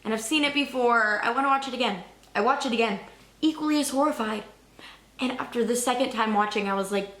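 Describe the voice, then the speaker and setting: Rambling, excitable young woman vlogger. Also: fairly high pitch, quick pace, echoey room. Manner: rambling, excitable, swears casually. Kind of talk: casual chat.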